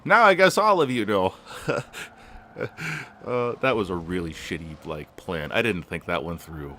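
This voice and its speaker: Young dude rambling thru a racing game stream, lowish voice, swears a ton, faint car noise behind. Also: male voice, lively intonation, a little slow, pushed and bright. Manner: rambling, swears a lot, many fillers. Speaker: gaming channel host. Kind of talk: casual gameplay commentary.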